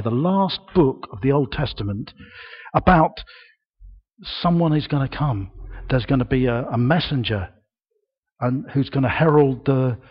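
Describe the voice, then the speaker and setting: An older man delivers a sermon in a church at an unhurried pace, leaning on long pauses and rising to projected emphasis. His voice is slightly husky, and the recording sounds somewhat dull and muffled. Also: medium pitch. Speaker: preacher.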